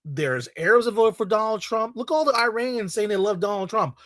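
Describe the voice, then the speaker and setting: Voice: mid-range voice, lively intonation, brisk, fairly bright tone, no room sound. A video creator ranting in a heated, profane way, repeating points over and over. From Latino community in the United States. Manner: angry, profane, repetitive rant.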